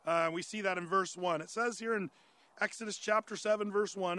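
Brisk and fairly even in intonation, this pastor's high, bright, pushed male voice carries a conversational sermon on a Bible passage. He raises questions listeners might ask, answers them, and fills in with frequent "uh"s and restarts.

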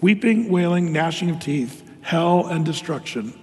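An older man preaching a sermon as pastor, reading scripture and answering imagined objections in an animated way. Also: fairly high pitch, measured pace, big-room sound.

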